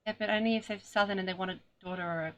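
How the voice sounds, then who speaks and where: A woman's voice: mid-range voice, steady tone, racing, fairly bright tone. An Australian woman co-hosting a podcast, chatting and joking in a rambling way that trails off mid-thought. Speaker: podcast co-host. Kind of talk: casual comedic chat.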